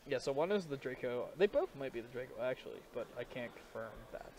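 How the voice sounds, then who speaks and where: A man's voice: mid-range voice, animated, a little mellow, slight background noise. A man doing casual, joking live-stream commentary on a card game match. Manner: joking, rapid banter with laughs.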